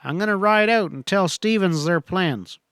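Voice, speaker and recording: Man doing a gruff young cowboy, firm and urgent, bit high, dry close mic. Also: normal speed, fairly bright tone, no echo. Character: young cowboy hero, blunt and determined. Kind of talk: audiobook character voice.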